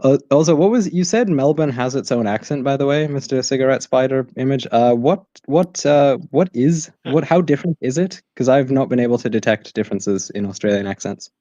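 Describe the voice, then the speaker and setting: A man's voice: mid-range voice, fairly quick, hardly any pauses, dry recording, lo-fi sound. A man from Western Canada whose accent carries a slight northern English tinge. He chats casually and eagerly, often tripping over his words and restarting. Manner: enthusiastic, stumbles and restarts when excited. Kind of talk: casual chat.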